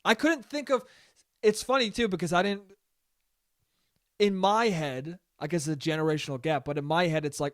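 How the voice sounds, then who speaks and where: A young man hosting a solo podcast, telling a rambling, profane story in a casual, animated way. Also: on the high side, brisk, no echo, clean studio sound. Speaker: podcast host.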